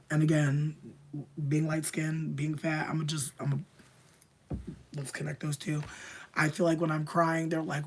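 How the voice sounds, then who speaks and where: A young adult woman spinning a rambling personal story for her livestream viewers. Her talk is loose, profane and full of slang, with "like" in nearly every line. She drops into hushed asides, then flares up loud. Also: deep voice. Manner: swings between hushed asides and loud outbursts. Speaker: streamer.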